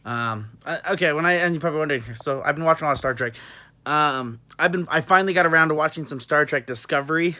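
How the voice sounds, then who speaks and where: Quick and on the high side, the vlogger's pushed, bright voice carries a New York-flavored American accent, though he was born in England. He chats loosely, rambling along with plenty of fillers and good-natured cursing.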